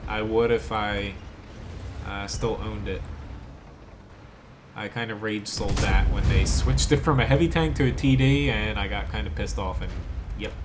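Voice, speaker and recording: A man's voice: lowish voice, a little slow, background noise. Laid-back American man streaming a game. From South Jersey, USA. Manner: laid-back, chatty, answers chat between plays. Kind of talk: live gameplay commentary.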